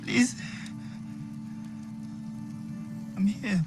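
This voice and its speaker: A man's voice: measured pace, lightly acted. An actor playing a defiant young enslaved African man who speaks in a strained, pained voice, in a film clip. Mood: pleading. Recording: film clip with loud music score.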